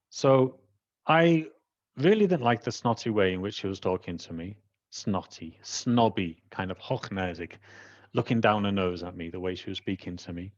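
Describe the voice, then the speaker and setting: A man with a Welsh accent, telling a personal story in an animated way and acting out the people he quotes. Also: fairly low pitch, normal speed. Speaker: trainer. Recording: dull lo-fi recording.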